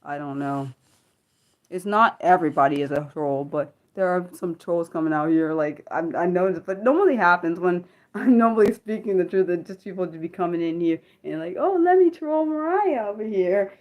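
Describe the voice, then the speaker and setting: Hosting an unscripted livestream, a woman reads viewer chat and responds aloud, thinking as she goes with lots of fillers and restarts and frequently asking her audience questions. Her voice is on the low side and fairly quick, with lo-fi sound.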